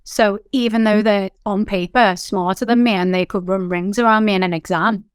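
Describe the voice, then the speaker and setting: A woman in her thirties with a Liverpool accent, a company founder telling her story in a candid interview, animated and full of fillers. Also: medium pitch, normal speed, clean tone, no room sound, clean studio sound. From England.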